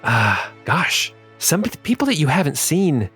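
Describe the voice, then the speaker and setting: A man's voice: a little high, sing-song, unhurried, a bit bright, faint music behind. A man hosting and game-mastering a tabletop fantasy game, narrating scenes with frequent fillers. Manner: fillers and restarts, descriptive narration.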